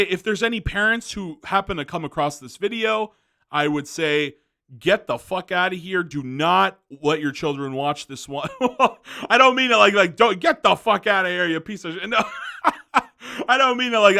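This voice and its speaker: A man's voice: a little high, sharp tone. A man hosting a commentary video, ranting angrily with profanity, fillers and restarts.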